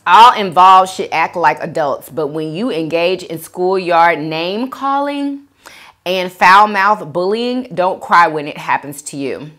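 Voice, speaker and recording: Woman, unhurried eating-show chat, lively pitch, reads comments and gushes thanks. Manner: chatty, reads comments aloud and reacts with gushing thanks. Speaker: mukbang host reading viewer comments. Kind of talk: casual chat while eating.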